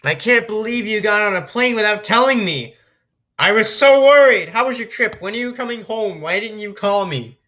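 A woman's voice: mid-range voice, lively intonation, normal speed, a bit bright. A worried, doting mom, read by a woman. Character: worried, doting mother of the player character.

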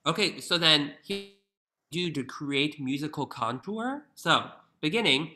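A man's voice: fairly high pitch, lively intonation, a little slow, sharp tone. A young man teaching violin in an online masterclass, encouraging and singing phrases on nonsense syllables over a video call.

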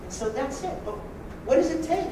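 A man preaching a sermon as pastor, joking and lively with sudden loud bursts. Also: very high voice, normal speed, heavy reverb, distant mic, noisy background.

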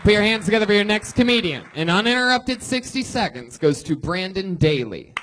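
A man hosting a live comedy show, calling up comedians with booming announcements and dry repeated remarks. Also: very animated, brisk, a crowd in the background, noisy background. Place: comedy club stage.

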